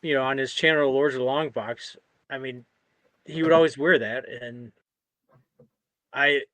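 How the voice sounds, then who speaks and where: A man co-hosting a live show, excited and encouraging his partner. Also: medium pitch, measured pace, dry recording. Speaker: co-host.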